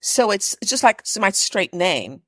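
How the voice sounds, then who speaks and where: A woman's voice: medium pitch, sing-song, a little slow, fairly bright tone, no echo. Woman thinking aloud hesitantly. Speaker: client, executive coach. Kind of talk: consultation on a video call.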